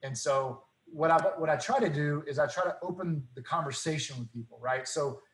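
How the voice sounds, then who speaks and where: A man telling faith stories in casual talk, earnest and animated, acting out the dialogue. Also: a little high, a little fast, reverberant, poor audio. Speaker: guest.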